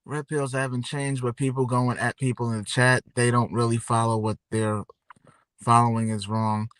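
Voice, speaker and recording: Bright-voiced laid-back male podcast host. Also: medium pitch, flat delivery, moderate pace, smooth, no echo. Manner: laid-back, rambling, talks straight to viewers. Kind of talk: casual livestream chat.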